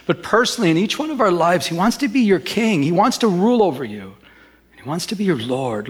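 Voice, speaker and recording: Pastor guy preaching, chatty storytelling, kinda high pitched, leans hard on key words. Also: breathy edge. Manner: storytelling, conversational, emphatic. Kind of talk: sermon.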